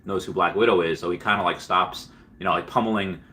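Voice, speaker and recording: A man hosts a casual livestream in a rambling, offhand way, filling his talk with fillers and quick restarts. His voice sits on the lower side yet comes across bright and forceful. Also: fairly even intonation. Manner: rambling, filler-heavy storytelling. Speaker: livestream host.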